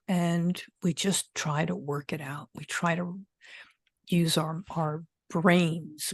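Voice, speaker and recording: A woman's voice: low voice, dry recording, clean studio sound. An older woman speaking frankly as an interview guest, a former death investigator recalling her work. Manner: frank, plainspoken, swears freely. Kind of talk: casual interview talk.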